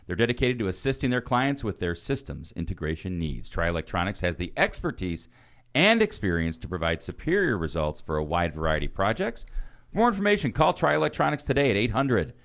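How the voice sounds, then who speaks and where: A man co-hosting a podcast, reading sponsor ads in a lively, casual way. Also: lowish voice, brisk. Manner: lively, laughs between reads. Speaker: podcast co-host.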